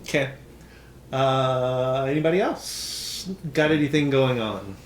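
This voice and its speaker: Relaxed man running a tabletop game. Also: medium pitch, takes it slowly, slight background noise. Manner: relaxed, with frequent ums. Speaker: game master. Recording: roomy echo.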